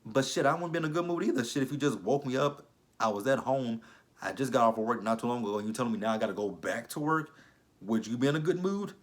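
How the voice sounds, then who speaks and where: A man's voice: medium pitch, fast. A man giving a casual, blunt and profane recap of a TV episode, exasperated with the characters. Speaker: TV show reviewer.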